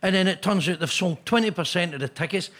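A man's voice: high-pitched, fast talker, fairly bright tone. A Scottish man on a comedy panel, joking in a chatty way and tripping over repeated words. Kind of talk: comic panel banter.

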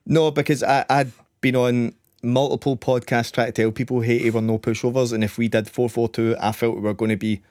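A man's voice: medium pitch, level tone, darkish tone. A man appearing as a football analyst, giving opinionated takes in casual chat. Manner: rapid, opinionated.

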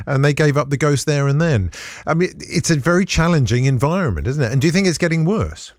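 A man's voice: on the high side, expressive, quick pace, dry recording, studio quality. A man hosting a radio phone-in, talking conversationally with plenty of hesitations. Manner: conversational, hesitant with many fillers.

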